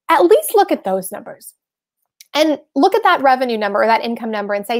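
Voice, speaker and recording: Woman host, higher voice, chatty and frank, animated live-stream advice talk. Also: fairly quick. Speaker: host giving tax tips.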